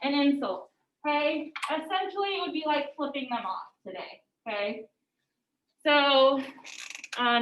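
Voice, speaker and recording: A woman teacher explaining a text to her class in a casual lecture, often saying "like". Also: high voice. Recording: echoey room, distant mic, muffled.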